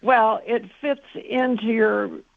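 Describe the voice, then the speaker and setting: A woman calling in to a radio show, calmly explaining her complaint step by step. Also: on the high side, a little slow, vocal fry, no room sound. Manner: matter-of-fact, explaining step by step. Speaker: caller. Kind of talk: phone-in complaint. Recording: tinny phone line.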